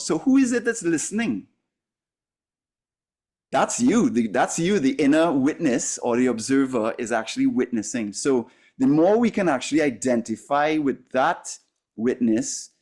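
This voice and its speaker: A man's voice: mid-range voice, a little mellow. A man coaching a class, speaking in an earnest, emphatic way with frequent fillers and restarts. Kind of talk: teaching a masterclass.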